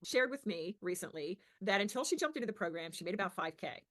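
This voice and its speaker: A woman hosts an interview and keeps her pace brisk. She draws her guest out with encouraging, leading questions. Her voice sits at a middle pitch. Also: animated, fairly bright tone. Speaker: host, business coach.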